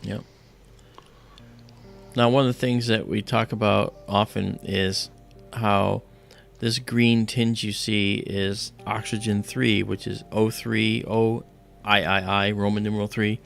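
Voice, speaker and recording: A man's voice: fairly low pitch, little pitch movement, takes it slowly, gravelly, soft background music. A man hosting an astronomy livestream, explaining things step by step in a loose, casual way.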